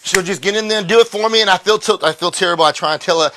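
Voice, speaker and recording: Excitable high-voiced man. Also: very fast, soft background music. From Texas. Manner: excitable, loud and chatty, drawling. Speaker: livestream host and musician. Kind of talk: casual live stream chat. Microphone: phone.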